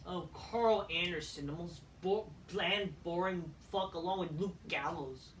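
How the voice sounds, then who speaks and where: Speaking a little slowly in a lowish voice, a woman rants casually about a wrestling show, cursing often and brushing things aside. The room echoes, she's distant from the mic, and there's a little hiss or hum.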